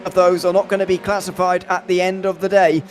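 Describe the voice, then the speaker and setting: A man commentating an online sim race, chatty and self-deprecating, with quick asides. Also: high voice, little pitch movement, a little hiss or hum.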